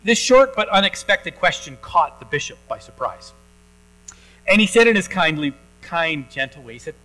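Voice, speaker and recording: A male pastor preaching a sermon in a church, telling a story in a relaxed conversational way with frequent pauses and restarts. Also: sits high, soft background music, poor audio.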